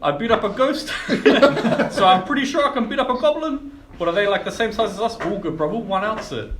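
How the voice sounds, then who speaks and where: A man's voice: sits high, animated, a little fast, noisy background. A young man playing a tabletop game in character, laid-back, slangy and casually swearing. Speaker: player. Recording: roomy echo.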